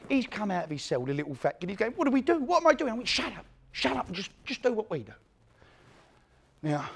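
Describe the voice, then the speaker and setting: A man acting out an aging East London career criminal in a one-man stage monologue, telling his story bluntly and with plenty of swearing. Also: fairly high pitch. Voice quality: blunt, profane street talk. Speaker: one-man play performer. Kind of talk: theatrical monologue.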